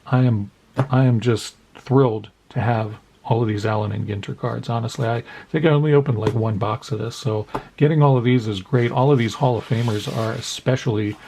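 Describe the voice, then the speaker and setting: A man's voice: mid-range voice, steady tone, brisk, warm tone, a little hiss or hum. A man casually opening a mail-day package of trading cards, reading off player names one by one and making playful asides to the cards. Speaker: card collecting YouTuber.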